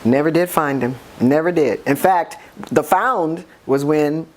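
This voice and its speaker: An older woman as an interview guest, telling stories in an animated, emphatic way and acting out the people she quotes. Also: deep voice, measured pace, a little hiss or hum. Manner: animated storyteller, acts out quoted voices; emphatic, talks with repeats and restarts. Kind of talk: storytelling in a conversational interview.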